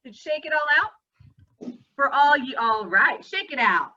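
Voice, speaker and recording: A woman hosting a virtual school assembly, talking playfully and warmly to children. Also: high-pitched, moderate pace, far from the mic, lo-fi sound. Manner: animated, playful, talks to children. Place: school room, indoors.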